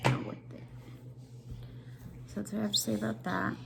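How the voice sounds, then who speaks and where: Gravelly calm woman giving life advice. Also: mid-range voice, normal speed, heavy background noise. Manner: calm, rambling, slightly mocking asides. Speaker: vlogger. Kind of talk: casual spiritual advice monologue.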